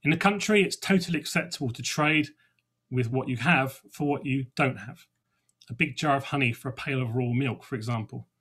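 Middle-aged man, husky, mid-pitched, chatty podcast host with dry wit. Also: brisk, fairly bright tone. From England. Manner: conversational, with small restarts and dry humour. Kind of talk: reflective first-person talk.

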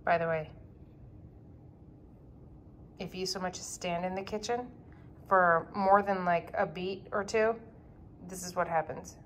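Female home vlogger, casual and chatty with fillers, slightly low voice, noisy kitchen recording. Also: steady tone, moderate pace. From California, USA. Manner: chatty, rambling, lots of fillers. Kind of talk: casual home cleaning vlog.

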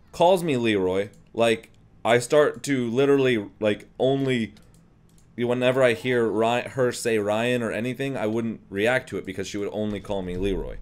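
A young man casually commenting on a video game, rambling and jokey with frequent restarts. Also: mid-range voice. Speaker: gameplay commentator.

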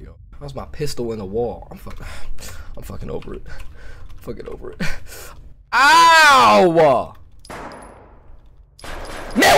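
A young man with a hoarse, sore throat, talking to his chat through a cheap USB mic at home as he plays a horror game, jumpy and cursing at the scares. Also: lowish voice, darkish tone, a little hiss or hum. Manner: jumpy, talks to himself and chat, yelps and cusses at scares. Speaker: gaming streamer. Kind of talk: horror game let's play commentary.

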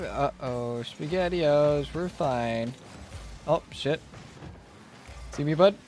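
A young man streaming a car-soccer game, joking and trash-talking, then shouting and squealing at big plays. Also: fairly high pitch, slow, slight background noise. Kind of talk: live gaming commentary.

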